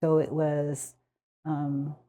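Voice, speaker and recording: Older woman, in her seventies, from the Squamish Nation, lively storyteller, laughs often, fairly low voice. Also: extremely slow. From Squamish Nation, Canada. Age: 70s. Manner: animated, laughing, restarts sentences. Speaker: community elder guest. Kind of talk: conversational storytelling.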